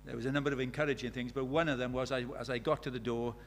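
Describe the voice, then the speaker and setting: A man's voice: medium pitch, fairly even intonation, rapid-fire, a little hiss or hum. An older man, preaching a sermon in a conversational way, full of rhetorical questions.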